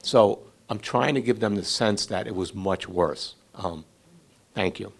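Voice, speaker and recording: A man's voice: fairly low pitch, unhurried, creaky, slightly rough. A middle-aged man on a flood committee, leading a community meeting in an informal, conversational way and calling on residents to speak. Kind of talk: running a community Q&A.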